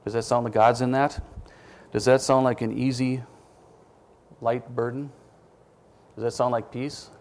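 Male preacher, gravelly, conversational sermon delivery that quizzes the congregation with questions. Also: medium pitch, flat delivery, a little slow, long pauses, darkish tone. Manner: self-deprecating asides.

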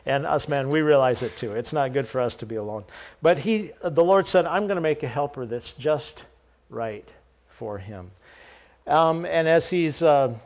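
A pastor with a slightly high, darkish voice preaches at a moderate pace. He reads scripture aloud, then unpacks it casually for the congregation with jokes and side comments.

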